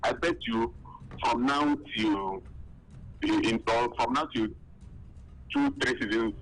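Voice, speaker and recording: A man calling in to a radio show, giving his opinion in a halting way with many restarts. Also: mid-range voice, fairly bright tone, faint music behind, poor audio. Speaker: caller. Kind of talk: phone-in opinion.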